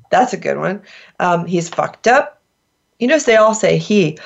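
A woman's voice: mid-range voice, expressive, fairly quick, muffled recording. Playful laughing woman host. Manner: playful, laughs often, emphatic. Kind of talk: casual podcast chat.

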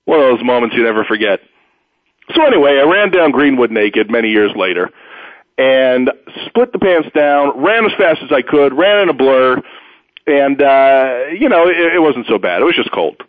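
A man hosting a sports talk radio show, rambling through stories and blunt opinions in an animated, storytelling way. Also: medium pitch, normal speed, no room sound. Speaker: radio host. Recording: tinny phone-like radio audio, dry.

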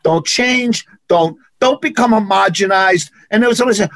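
High-voiced emphatic New York man. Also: normal speed, no room sound. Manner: emphatic, punchy, repeats phrases. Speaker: actor and martial arts instructor, guest. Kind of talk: animated interview storytelling.

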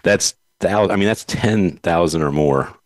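A man with a very low voice chats casually as a podcast host, wandering through long anecdotes and laughing often. The sound is dry and close. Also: a little slow, dry recording. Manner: rambling storyteller, laughs often. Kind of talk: casual chat.

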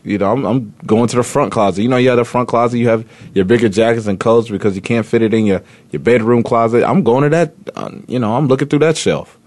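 A man's voice: mid-range voice, quick pace, hardly any pauses, darkish tone, dry recording. A man hosting a sports talk radio show, chatting casually and rambling with lots of fillers and restarts. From Indiana.

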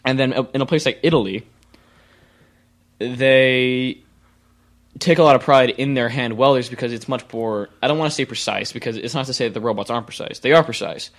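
A man's voice: mid-range voice, fairly quick. A man co-hosting a casual chat, pushy and rambling, often restarting his sentences. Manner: rambling, pushy, restarts and stutters when excited. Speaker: podcast co-host.

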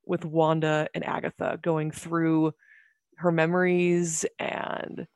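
A podcast guest in casual chat, excitable and gushing, talking in quick bursts. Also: medium pitch, clean tone, no echo, clean studio sound.

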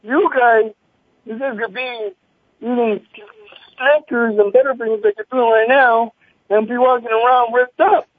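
A man in his thirties, a former boxing champion, telling animated stories over the phone and acting out the people he quotes. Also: very high-pitched, measured pace, breathy edge, dry recording. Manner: animated, acts out quoted people, many restarts. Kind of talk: casual phone interview storytelling. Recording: tinny phone line, dry.

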